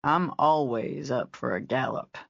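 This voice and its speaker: A woman reader voicing a laid-back male ranch hand who talks in an unhurried, teasing drawl. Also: extremely low pitch, animated, vocal fry, no echo, highs cut off, voice pushed down, heavily acted.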